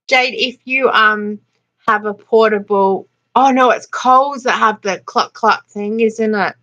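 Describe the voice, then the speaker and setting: An Australian woman hosting a casual live chat, chatty and quick to laugh, reading out viewer comments. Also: a little high, bright, forceful tone, muffled recording. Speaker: livestream host.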